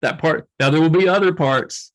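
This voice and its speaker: A man's voice: on the high side, moderate pace. An older man being interviewed as an author, speaking earnestly and emotionally, often laughing through his stories. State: tearful. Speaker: guest author. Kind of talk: emotional reflective interview talk.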